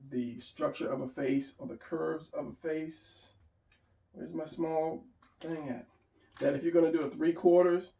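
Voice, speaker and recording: A man's voice: on the high side, creaky, a little mellow. A man giving a casual drawing lesson, rambling and restarting as he draws and talks it through. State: hiccuping. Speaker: drawing teacher. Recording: roomy, mic at a distance.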